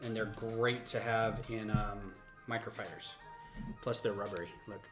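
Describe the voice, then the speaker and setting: A man's voice: on the low side, steady tone, normal speed. A man hosting a casual build-along chat, joking and breaking into impressions. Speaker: host. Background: background music.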